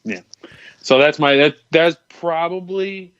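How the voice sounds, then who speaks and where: A man's voice: fairly high pitch, slow pace, fairly bright tone, smooth, dry recording. A man co-hosting a podcast, chatting casually and swearing in a laid-back way. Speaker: podcast co-host. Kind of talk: casual chat. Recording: dull, lo-fi dry mic.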